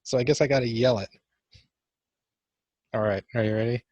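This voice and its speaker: A man's voice: medium pitch, fairly even intonation, moderate pace, darkish tone, dry recording, muffled recording. A young man giving casual let's-play commentary for a class vlog, awkward and joking at his own expense. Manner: awkward, self-mocking joking. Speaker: gamer doing a class vlog.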